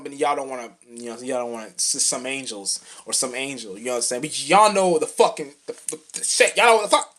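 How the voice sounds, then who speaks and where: Fervent, profane rapper ranting about spirit. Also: male voice, on the high side, fairly bright tone. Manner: profane, rambling and repetitive; streetwise slang, fervent and preachy. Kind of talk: casual spiritual rant to camera.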